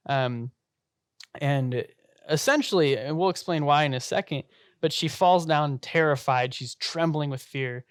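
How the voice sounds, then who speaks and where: A young man casually retelling a Bible story in a relaxed study talk, with lots of fillers and light laughter. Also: medium pitch, normal speed, clean tone, no echo, studio quality. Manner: chatty, filler-heavy retelling with frequent laughs.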